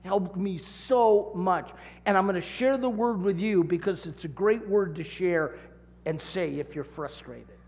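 A man preaching a sermon, telling stories with dramatic shouts and drawn-out emphasis. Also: high voice, in a large hall, highs cut off. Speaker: pastor.

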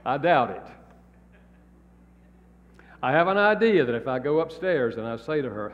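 A man's voice: mid-range voice, expressive, a little slow, long pauses. A married man preaching a sermon in a folksy, plain-spoken storytelling way. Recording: echoey hall, dull lo-fi sound.

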